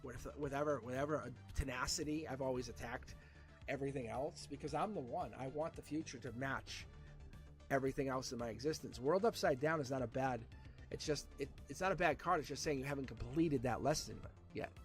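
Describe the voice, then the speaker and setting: A man giving a casual live tarot reading, animated and repeating himself with frequent restarts. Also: mid-range voice, brisk, faint music behind. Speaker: tarot reader.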